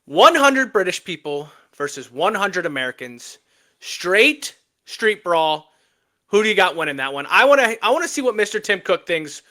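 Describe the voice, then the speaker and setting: Bright high-voiced man hosting a sports podcast. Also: moderate pace. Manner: animated, joking, emphatic trash talk. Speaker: podcast co-host. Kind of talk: casual sports podcast chat.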